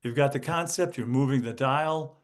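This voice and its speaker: Animated man demonstrating vocal emphasis. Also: medium pitch, normal speed. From United States. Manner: animated, demonstrates emphasis by acting out student lines. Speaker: guest, educational consultant. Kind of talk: podcast interview.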